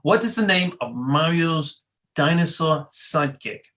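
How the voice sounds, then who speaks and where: Bright-voiced playful man. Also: on the high side, expressive, a little slow. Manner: playful, stumbling and restarting mid-sentence. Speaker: podcast co-host. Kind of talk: casual chat.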